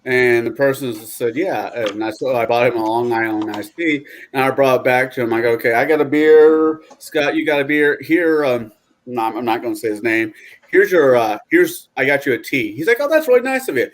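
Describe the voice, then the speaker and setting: A man's voice: medium pitch, moderate pace. A man chatting casually among friends while painting miniatures, telling stories and swearing freely. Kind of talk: casual chat.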